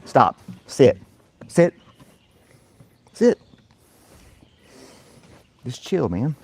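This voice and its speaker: A man's voice: mid-range voice, big pitch swings, very slow, vocal fry, breathy edge. Guy in his backyard playing with his dog, bouncy up-and-down voice, coaxing and chuckling. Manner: coaxing, playful commands to a dog, chuckling often. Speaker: vlogger and podcast host. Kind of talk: casual chat while playing with his dog. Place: backyard outdoors.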